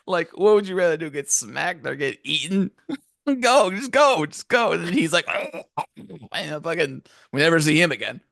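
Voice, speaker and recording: A man's voice: a little high, moderate pace, vocal fry, a bit bright, no room sound, clean studio sound. A young man co-hosting a casual podcast, laughing often, swearing, and acting out characters in exaggerated voices. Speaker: podcast co-host. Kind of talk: casual chat.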